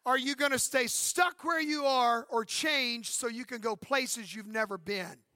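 A man's voice: very high voice, a little slow, bright, forceful tone, no room sound, studio quality. A man in his fifties, a pastor preaching an emphatic sermon and calling out for amens. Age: 50s. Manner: emphatic preaching with calls for amen.

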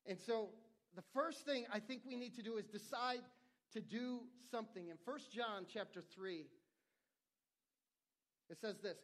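A man's voice: high-pitched, a little slow, pauses often, fairly bright tone. A middle-aged male pastor preaching a sermon in an earnest, conversational way, often restarting his phrases.

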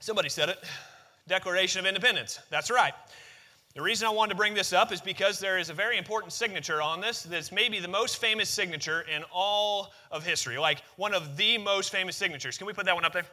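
A man's voice: high voice, fast, bright, forceful tone. A man preaching a sermon to a congregation into a microphone, reading scripture and then talking conversationally, asking the room questions. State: out of breath after reading. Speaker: pastor. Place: church sanctuary with congregation.

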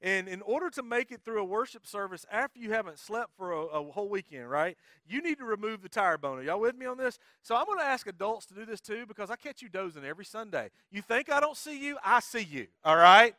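A male pastor preaching a sermon, playful and energetic, coaxing the congregation to join in. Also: high-pitched, fast talker, few pauses, dry recording, studio quality. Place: church sanctuary.

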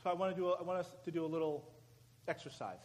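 A man preaching at a prayer meeting, giving directions and leading the crowd in a chant that he drives louder with shouted commands. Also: on the high side, very fast. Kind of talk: sermon and call-and-response chant leading. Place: church or prayer meeting hall. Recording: live room with crowd and background noise.

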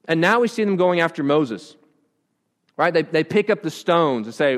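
A man's voice: fairly high pitch, very animated, fairly quick, big-room sound. A pastor preaching a conversational sermon to his congregation, often restarting his phrases. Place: church.

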